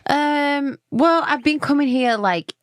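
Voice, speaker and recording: A young woman with an English accent, chatting as a guest on a podcast interview in a bubbly, quick way. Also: high voice, no room sound, clean studio sound. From England. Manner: bubbly, quick, laughs often. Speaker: guest musician. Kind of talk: casual interview chat.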